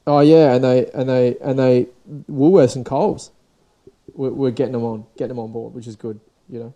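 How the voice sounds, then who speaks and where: With highs cut off in the recording, a young Australian podcast host delivers a casual solo rant in a mellow, mid-range voice at a normal speed and fairly even intonation. He rambles, swears and restarts often, and his voice sounds sore and dried out.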